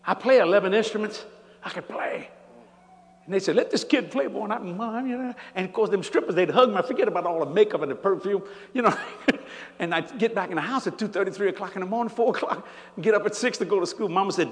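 A man's voice: high-pitched, fast. An older man preaching a sermon, telling stories animatedly and laughing along as he goes. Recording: church hall reverb.

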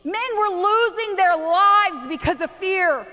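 A middle-aged woman preaching a sermon, telling a family story with lots of animation, hushed at times and shouting at others. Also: extremely high pitch, animated, slow pace, hardly any pauses. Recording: long reverb of a large hall.

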